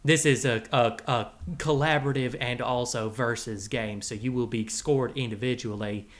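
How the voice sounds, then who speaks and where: A man's voice: medium pitch, steady tone, normal speed, voice pushed down, natural voice. A man voicing a goofy drawling cowboy outlaw who hosts a quiz game, rambling and tripping over his own words. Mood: hammy. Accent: put-on cowboy drawl. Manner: rambling, goofy, self-interrupting. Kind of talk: comedic podcast bit.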